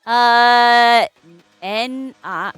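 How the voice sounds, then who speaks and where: A woman's voice: fairly high pitch, extremely slow, fairly bright tone, smooth, dry recording, faint music behind. A woman hosting a casual livestream as a balloon artist, chatty and playful, greeting viewers and making puns. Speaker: balloon artist streamer host.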